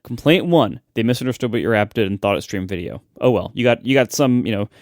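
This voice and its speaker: A man's voice: medium pitch, expressive, fast, dry recording, clean studio sound. A man co-hosting a tech podcast, chatting casually and giving wry, practical advice. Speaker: podcast co-host. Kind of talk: casual chat.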